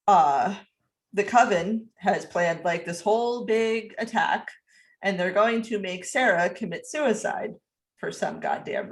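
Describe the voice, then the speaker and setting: Slow-talking woman on a podcast. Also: lowish voice. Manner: unhurried, hesitant, with fillers and little laughs. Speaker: podcast co-host. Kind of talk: casual movie recap chat.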